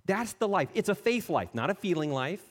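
A man preaching a sermon as a pastor, animated, acting out the people he quotes and dropping to soft, intimate tones. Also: sits high, brisk. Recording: long reverb of a church hall.

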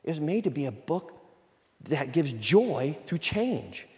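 A man's voice: on the high side, very animated, unhurried, darkish tone, long reverb tail. A man preaching a conversational sermon, acting out little everyday dialogues as he goes. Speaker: pastor.

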